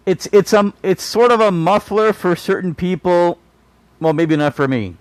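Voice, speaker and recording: A man's voice: high voice, measured pace, clear, resonant tone, no echo. A man hosting a podcast, ranting in an exasperated, profane way and laughing now and then. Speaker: podcast host. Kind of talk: solo comedic rant.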